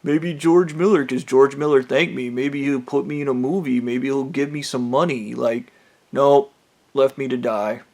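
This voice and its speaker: A man at a middle pitch talks in a rough, gravelly voice. He rambles through a bitter personal monologue, profane and scornful. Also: fairly even intonation, normal speed, a little mellow. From United States. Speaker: vlogger. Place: trailer park home.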